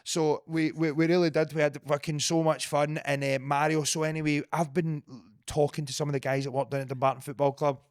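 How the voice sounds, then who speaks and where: A young Scottish man co-hosting a podcast, telling stories in an animated, sweary way. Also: on the high side, smooth, no room sound, clean studio sound. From Scotland. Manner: animated storyteller, sweary, quick to put on voices. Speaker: podcast co-host. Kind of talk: casual chat.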